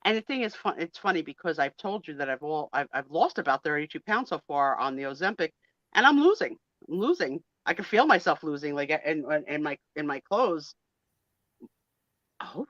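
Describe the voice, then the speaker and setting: A woman's voice: lowish voice, fairly bright tone, dry recording, highs cut off. A woman in her sixties, a guest on a casual live video chat, talking in a blunt, joking, self-mocking way. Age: 60s.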